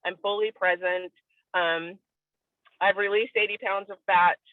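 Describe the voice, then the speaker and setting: On a video call, a woman with a mid-range voice gives an earnest, emotional testimonial as a guest, speaking candidly and sometimes tearing up. Her intonation is fairly even and her pace unhurried. The audio is tinny and dry like a phone line, with no room sound.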